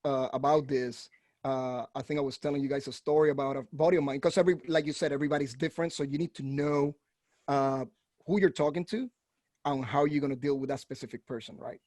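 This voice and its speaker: Animated storytelling man, dry sound. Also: mid-range voice, fast talker, no echo. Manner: animated storyteller, acts out quotes. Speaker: podcast host, veteran. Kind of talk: casual conversation, storytelling.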